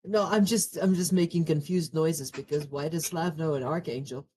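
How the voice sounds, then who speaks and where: A woman's voice: low voice, normal speed, a little hiss or hum. A woman player at a tabletop game, chatting casually and teasing herself. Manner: animated, self-mocking. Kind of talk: casual chat.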